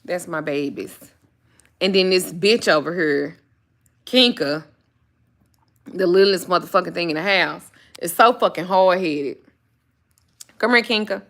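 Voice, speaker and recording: A woman's voice: fairly low pitch, unhurried, long pauses, a bit bright. A woman talking casually to camera in a blunt, profane rant, also talking to her dogs. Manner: blunt, swears freely, talks to her dogs. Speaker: spiritual reader and vlogger.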